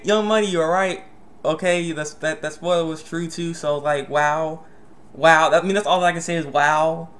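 A young man giving a casual spoken manga review, excitable and stammering with many restarts. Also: fairly high pitch.

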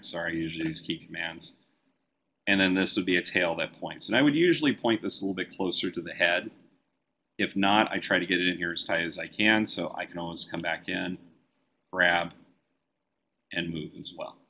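Deep-voiced man teaching software. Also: normal speed, vocal fry, dull audio. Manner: relaxed, talks while working on screen. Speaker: comic book letterer and design educator. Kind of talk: live software tutorial webinar.

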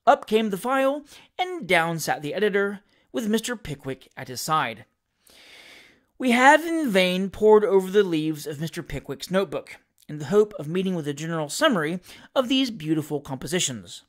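Expressive narrator with a lively voice. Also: mid-range voice, normal speed. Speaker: audiobook reader. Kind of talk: scripted reading of a classic novel.

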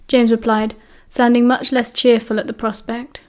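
A British woman reads an audiobook aloud with a steady storytelling pace. Her voice sits a little high for a woman. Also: normal speed. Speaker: audiobook reader. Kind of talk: audiobook narration.

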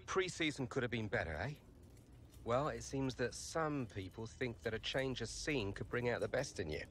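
A man's voice: medium pitch, normal speed, a bit bright, slight background noise, natural voice. A man voicing a chummy British football agent. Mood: eager. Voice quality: chummy, slangy salesman patter. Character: upbeat male football agent, middle-aged. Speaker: football agent in a game cutscene.

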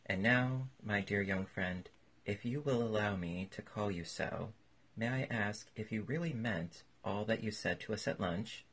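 A man voices a courtly old literary gentleman, formal and polite, in a deep gravelly voice that is heavily husky, read like an old storybook. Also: a little slow, heavily acted. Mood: courteous.

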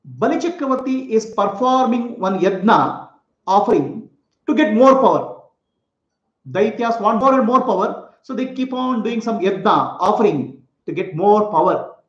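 A man's voice: sits high, animated, moderate pace. A man, a spiritual teacher, telling a sacred story for children in simple, repetitive words and explaining terms. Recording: echoey room, dull lo-fi sound.

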